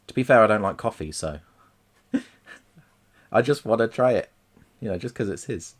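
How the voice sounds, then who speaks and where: A man's voice: fairly low pitch, lively intonation, normal speed. A man, chatting casually and jokingly while streaming himself painting miniatures. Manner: chatty, jokey, rambling. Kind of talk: casual chat.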